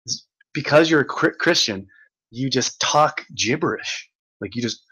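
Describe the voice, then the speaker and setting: A man's voice: medium pitch, a little slow, a bit bright, poor audio. A young man hosting a livestream, reading the chat aloud and ranting at commenters with a mocking, exasperated manner, laughing often and swearing.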